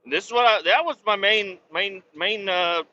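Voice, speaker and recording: A man's voice: high voice, moderate pace, bright, forceful tone, highs cut off. A man hosting a podcast from his truck cab, rambling and joking with lots of swearing in a casual monologue. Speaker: podcast host. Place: truck cab while driving.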